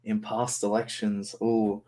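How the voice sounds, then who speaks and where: A young man with an Australian accent, a guest on a video call, telling a relaxed story and laughing along. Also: lowish voice, takes it slowly. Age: young adult. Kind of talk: casual chat on a video call.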